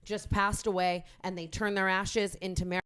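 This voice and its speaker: A young woman telling a story on a podcast, chatty and animated, full of likes and restarts. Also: medium pitch, a little fast, clear, resonant tone. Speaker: podcast host.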